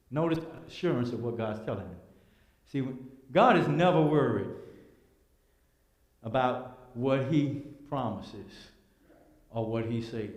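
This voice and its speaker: A man's voice: mid-range voice, a little mellow. Emphatic man preaching in an echoey hall. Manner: emphatic, building repetition, rhetorical questions. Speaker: Bible class teacher. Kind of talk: preaching Bible lesson. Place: church hall.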